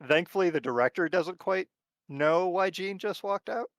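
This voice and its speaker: A man narrating as game master of a tabletop horror game, talking in a relaxed, rambling way with lots of fillers. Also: high voice, normal speed, no echo.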